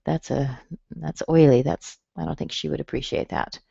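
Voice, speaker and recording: An American woman teaching pronunciation in a webinar lesson, speaking slowly and clearly and modeling sounds. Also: low voice, fairly even intonation, warm tone, no room sound, lo-fi sound.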